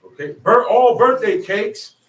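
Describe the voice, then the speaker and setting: Guy preaching call and response, kinda high voice, far off from the mic, lots of echo. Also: a little slow, a bit bright. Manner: rhetorical questions, emphatic and colloquial. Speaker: street preacher. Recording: echoey, distant mic with faint ambient noise.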